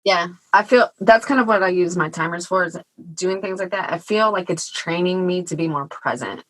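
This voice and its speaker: A woman's voice: fairly low pitch, normal speed, a bit bright, poor audio. A woman in her thirties, a mother, hosting a podcast and chatting candidly with casual swearing. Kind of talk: casual interview chat.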